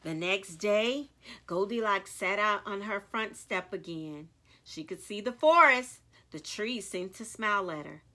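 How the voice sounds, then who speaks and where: A woman author reading a story aloud to children, animated and speaking directly to young listeners. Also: mid-range voice, a little slow.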